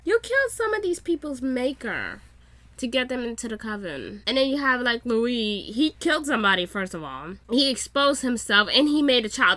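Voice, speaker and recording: A woman reacts to a show in casual commentary, excitable and swearing freely. Her voice is high and bright, and the sound is dry and close to the mic. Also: normal speed, no echo. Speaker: reaction YouTuber.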